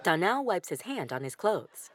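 A woman reading calm, scripted audio description of a stand-up show. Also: lowish voice, moderate pace, some chatter behind.

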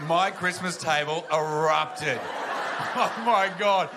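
A man doing stand-up, telling animated family stories and acting out the people in them. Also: fairly high pitch, slow pace, a crowd in the background, noisy background. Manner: animated, acts out family members in loud voices. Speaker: stand-up comedian. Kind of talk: stand-up storytelling. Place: comedy venue with audience.

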